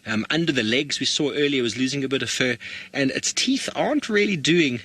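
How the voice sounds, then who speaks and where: Guy doing live safari commentary outside, bright kinda husky voice, keeps tripping over words he's so into it. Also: medium pitch, a little fast. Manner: excited, restarts phrases while commenting. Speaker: safari guide presenting a live broadcast.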